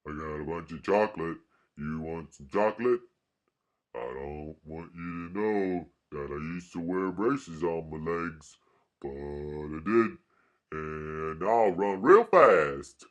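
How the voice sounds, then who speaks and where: A man doing an impression of a simple, earnest Southern man, speaking in a plain, halting way. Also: deep voice, animated, lo-fi sound.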